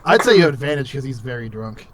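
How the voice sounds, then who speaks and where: A man's voice: medium pitch, big pitch swings, quick pace, background noise. Casual young man running a tabletop game. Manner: casual, rambling, full of fillers. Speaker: game master.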